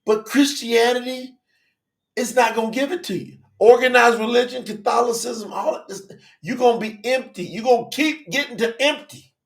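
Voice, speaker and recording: A man preaching a fiery revival sermon, shouting and exclaiming, from Florida, emotional with his nose running. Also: extremely high pitch, moderate pace. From Florida, United States. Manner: shouting, preaching, Southern US vernacular speech.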